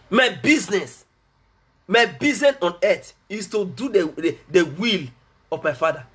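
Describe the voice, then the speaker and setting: Laughing between lines and repeating his phrases, a fervent Nigerian pastor delivers a sermon. His voice sits high, with a fairly bright yet husky tone.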